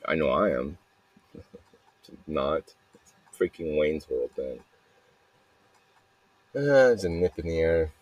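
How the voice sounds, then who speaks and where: A man's voice: extremely low pitch, very animated, unhurried, long pauses, darkish tone, no echo, muffled recording. A man hosting a podcast, rambling through a personal monologue with frequent swearing and flashes of anger. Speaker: podcast host.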